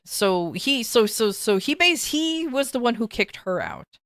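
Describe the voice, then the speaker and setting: A woman's voice: a little high, big pitch swings, unhurried, a bit bright, clean tone, no room sound, clean studio sound. A woman telling a story on a casual livestream, rambling and swearing, with many restarts and fillers. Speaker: streamer.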